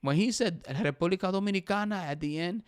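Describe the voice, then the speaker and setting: A young man hosting a casual talk show, excitedly giving his opinions, switching between English and Spanish and saying "bro" all the time. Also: high-pitched, brisk, smooth. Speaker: podcast host.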